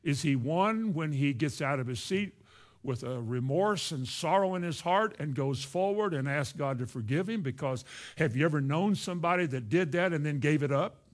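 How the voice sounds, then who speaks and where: A man preaching a sermon in an earnest way, slowing down on key words for emphasis and acting out the objections of reluctant churchgoers. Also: a little high, expressive.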